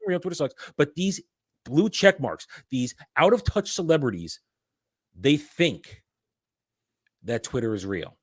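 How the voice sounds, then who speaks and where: A man's voice: fairly high pitch, measured pace, pauses often, breathy edge, no room sound, clean studio sound. A man hosting a casual commentary chat, ranting with lots of restarts. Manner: ranting, animated, frequent restarts. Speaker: host.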